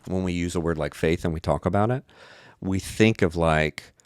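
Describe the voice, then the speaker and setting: A young man with an extremely deep, low voice talks things through in a casual podcast chat. He is a pastor who keeps acting out little quoted voices and peppers his talk with "like". The sound is close and dry, with no room around it. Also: normal speed, clean tone, dry recording. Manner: acts out quoted voices, fills speech with "like".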